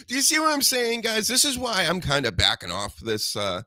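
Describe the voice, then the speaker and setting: A man hosting a casual podcast chat, animated and profane, breaking into mocking voices. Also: sits high, moderate pace, hardly any pauses, dry recording. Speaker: podcast host.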